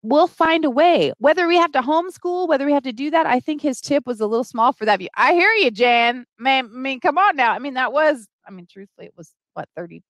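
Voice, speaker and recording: A middle-aged woman hosts a casual live stream, speaking earnestly and pleading with her viewers. Her voice sits a little high. The sound is dry and close, with no room echo. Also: fairly quick, hardly any pauses.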